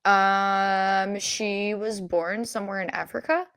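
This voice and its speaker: A young woman co-hosting a podcast, talking in a relaxed way full of fillers. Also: medium pitch, takes it slowly, clear, resonant tone, dry recording. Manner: laid-back, filler-heavy. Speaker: podcast co-host. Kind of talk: casual chat.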